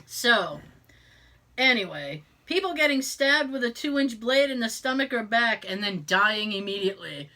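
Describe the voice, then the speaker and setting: A woman's voice: a little high, lively intonation, unhurried, sharp tone. A woman with a Boston accent co-hosting a podcast in casual chat, swearing freely, laughing a lot and putting on mock voices. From Boston area. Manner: profane, laughs often, mock voices in quotes. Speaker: podcast co-host.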